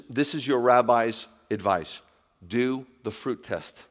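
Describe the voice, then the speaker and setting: A man preaching a sermon as rabbi, animated, swinging from loud exclamations to quiet asides. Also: medium pitch, in a large hall.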